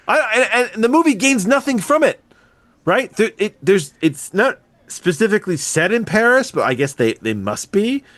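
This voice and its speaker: A man's voice: high voice, dry recording. A man with a wife and young daughter, chatting casually and mocking a bad movie, swearing freely. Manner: animated, profane, quick to mock. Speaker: podcast co-host. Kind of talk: casual movie review chat. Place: podcast recording.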